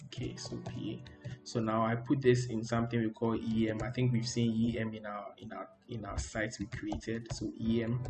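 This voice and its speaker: A man's voice: lowish voice, level tone, moderate pace, music in the background. Roomy man teaching a coding tutorial. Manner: loose, repetitive, frequent "okay, so". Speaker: coding instructor. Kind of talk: screen-recorded coding tutorial. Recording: roomy echo.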